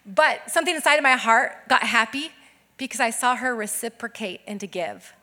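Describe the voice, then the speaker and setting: A woman's voice: on the high side, moderate pace. A woman pastor in her thirties preaching a sermon, telling stories animatedly and acting out the voices of the people in them. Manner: animated storytelling with acted-out quotes.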